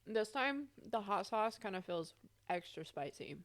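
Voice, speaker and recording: A woman's voice: mid-range voice, big pitch swings, a little slow. A young woman co-hosting an unedited podcast, talking loosely and laughing as she eats. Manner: loose, rambling, laughs often. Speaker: podcast co-host. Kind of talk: unedited casual chat.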